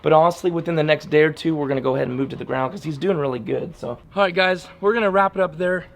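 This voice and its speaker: A man's voice: on the high side, fast talker, vocal fry. A man training his dog and talking plainly and straight to his viewers in a casual outdoor vlog, often repeating himself. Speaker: dog trainer, channel host.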